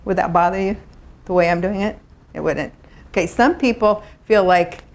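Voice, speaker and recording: A woman's voice: lowish voice, normal speed, slight background noise. A middle-aged woman presenting a workshop to a live room, talking in a chatty, conversational way and acting out little quotes. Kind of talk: live seminar talk to a room.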